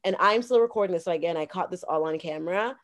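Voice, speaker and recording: A Canadian woman in a casual podcast chat, telling a story in an animated way and acting out the dialogue. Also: lowish voice, fast talker. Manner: animated, acts out quoted dialogue. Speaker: guest.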